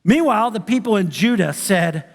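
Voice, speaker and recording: High-voiced preaching man in a reverberant hall. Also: expressive, normal speed, creaky. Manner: conversational preaching, acts out quoted voices. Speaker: pastor. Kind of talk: sermon. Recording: church sanctuary with long reverb.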